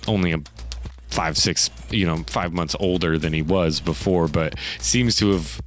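A man narrating a tabletop game as game master, in a loose, lively storytelling way. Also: low-pitched, measured pace.

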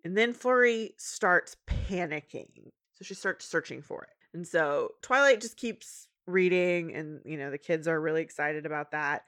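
A woman's voice: normal speed, few pauses. A woman in her thirties, recapping a cartoon episode in casual chat and acting out the characters' lines. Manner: animated, acts out characters' lines in a high voice. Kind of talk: casual chat, retelling with voiced quotes.

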